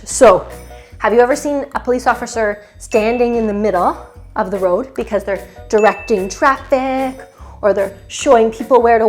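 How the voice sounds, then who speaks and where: Cheerful woman leading a kids yoga class. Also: fairly high pitch. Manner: cheerful, encouraging, sings short chants and makes animal and siren sounds. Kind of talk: children's yoga class with sing-along.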